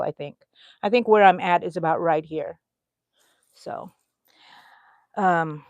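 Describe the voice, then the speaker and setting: A woman's voice: lowish voice, no room sound. Chatty woman hosting a crochet live. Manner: chatty, reads out viewer comments, yawns often. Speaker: crochet livestream host. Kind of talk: casual live chat while crocheting. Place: at home.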